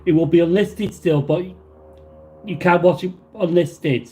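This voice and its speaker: Fairly high-pitched and warm, this man speaks a little slowly while hosting a laid-back livestream. He reads out what viewers send and rambles through his answers, restarting often and using many fillers.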